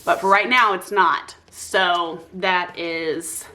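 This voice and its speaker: A young woman booktuber talking casually and excitedly about her favorite books, gushing and swearing freely. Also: on the low side, takes it slowly. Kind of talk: casual chat.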